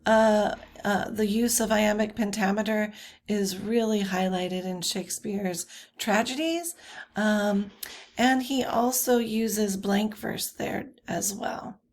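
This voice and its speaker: Female lecturer, unhurried and halting, mid-pitched, filler-heavy slide talk. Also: darkish tone. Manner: slow, many fillers and self-corrections. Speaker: teacher.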